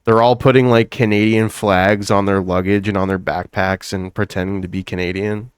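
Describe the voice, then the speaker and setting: A man's voice: fairly low pitch, steady tone, normal speed, smooth, dry recording, clean studio sound. A man hosting a podcast in casual chat, joking, swearing and laughing often. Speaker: podcast host.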